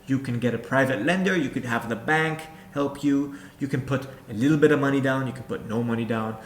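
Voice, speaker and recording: A man speaking at an ordinary middle pitch gives hands-on coaching, talking straight to the listener and hammering points home by repeating them. The recording sounds roomy and echoey, with a faint hum of ambience underneath. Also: a little fast. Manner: direct, repetitive, addresses viewer as you. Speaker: real estate investor and coach. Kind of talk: instructional talk to camera.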